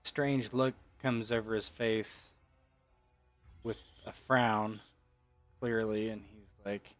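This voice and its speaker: A man narrates a tabletop game as game master at an unhurried pace. His voice sits a little low, with faint music in the background. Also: level tone, a bit bright.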